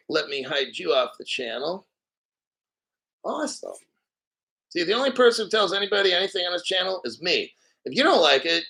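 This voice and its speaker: A man's voice: sits high, gravelly, pushed and bright. Profane, combative male crypto host. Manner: profane, combative, mocking viewers. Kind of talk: angry livestream rant.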